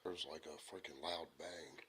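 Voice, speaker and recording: A man doing a paranormal investigation walkthrough, out of breath and talking bluntly and excitedly inside an old church building. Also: rumbling low, normal speed, slight background noise. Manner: excited, blunt, swears casually. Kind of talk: ghost-hunting walkthrough.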